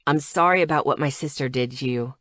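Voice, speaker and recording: A woman's voice: low-pitched, fast, a bit bright, no room sound, clean studio sound, voice pushed down. Woman reading as a weary, teasing young man. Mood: gentle.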